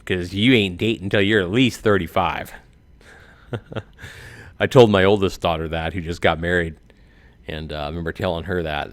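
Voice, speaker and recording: Man, 40s, lower voice, joking monologue, rambling, self-amused, dry sound. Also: fairly bright tone, smooth, dry recording. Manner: rambling, laughs at his own jokes. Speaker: YouTuber.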